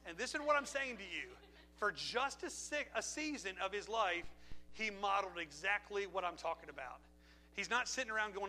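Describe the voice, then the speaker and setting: Pastor, male, lively pulpit sermon, high and very bright tone, church mic. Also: moderate pace, a little hiss or hum. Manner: animated preaching with laughs and asides. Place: church sanctuary. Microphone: handheld or pulpit mic.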